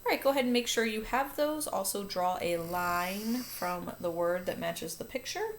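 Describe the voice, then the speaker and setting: A woman's voice: mid-range voice, animated, moderate pace, slight background noise. A woman teacher walking children through a phonics lesson, upbeat and patient, catching and fixing her own slips. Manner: upbeat, patient, self-correcting.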